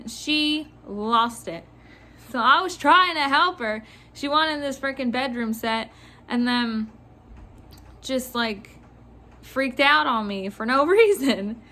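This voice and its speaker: A woman who works in retail telling a casual storytime about a customer, animated and often laughing. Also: high-pitched, takes it slowly. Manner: animated, laughing, mimicking others. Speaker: retail store worker.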